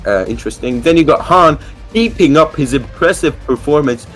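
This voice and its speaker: A man commentating a live sim race, excitable and chatty with casual swearing. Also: on the high side, normal speed, faint music behind.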